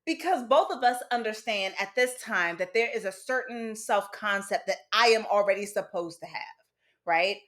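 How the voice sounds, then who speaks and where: A woman's voice: medium pitch, normal speed, fairly bright tone. A woman host telling a candid personal story from her childhood, casual and frank, with some swearing. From United States. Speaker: podcast host.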